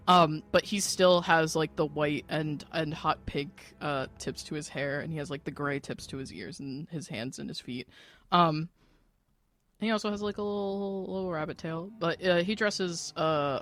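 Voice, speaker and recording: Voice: medium pitch, pushed and bright. A tabletop game player talking in a chatty, filler-heavy way. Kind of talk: casual tabletop play.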